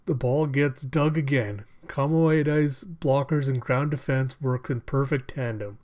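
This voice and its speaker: A man reviewing a manga chapter, recapping the action and reading characters' lines aloud with excited bursts and frequent laughter. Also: mid-range voice, unhurried. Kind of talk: reading and reacting to a comic chapter.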